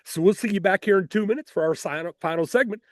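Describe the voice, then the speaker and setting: A middle-aged talk show host with a notably high voice, recorded close and dry with no room sound. He talks in a folksy, chatty way to his folks at home. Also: fast talker, no echo. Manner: folksy, chatty, counts down to air. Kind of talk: hosting an online talk show.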